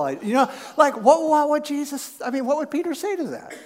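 A man's voice: very high-pitched, very animated, brisk, hardly any pauses. A male pastor preaching a sermon in a casual, jokey way, full of filler words and asides.

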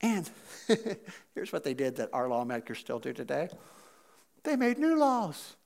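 A pastor giving a casual, conversational sermon. His delivery is animated and swings from loud emphasis to quiet asides. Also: a little high, measured pace, gravelly. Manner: chatty, with fillers and asides.

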